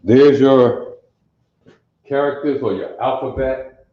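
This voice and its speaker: A man's voice: on the low side, animated, a little slow. A man with a Detroit accent teaching a class at a board, repeating phrases and checking that everyone is following. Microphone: camera mic, sometimes far away. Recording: echoey dull room recording.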